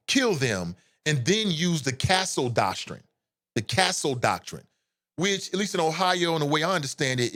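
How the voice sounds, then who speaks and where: Animated, lively-pitched male commentary host. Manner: emphatic, impassioned, blunt and profane. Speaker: live show host. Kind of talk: opinionated live commentary.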